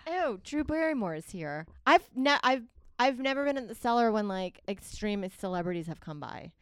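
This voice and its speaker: A woman's voice: a little high, sing-song, moderate pace, smooth, dry recording, clean studio sound. A woman co-hosting a podcast, chatting casually and laughing often. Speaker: podcast co-host. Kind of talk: casual chat.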